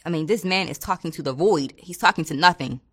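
Low-voiced woman telling a story casually. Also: fast talker, breathy edge. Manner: colloquial, acts out quoted people. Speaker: former corrections officer.

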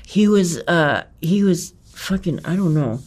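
A man recounting a personal ordeal in conversation, talking in an intense, profane and halting way, with many restarts and emphatic repetitions. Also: a little high, animated. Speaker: interviewee.

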